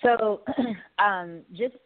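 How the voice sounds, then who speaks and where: A woman's voice: mid-range voice, drawn-out words. Woman on a panel agreeing and wrapping up her point, phone-line tinny sound. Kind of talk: panel discussion. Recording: phone-like audio.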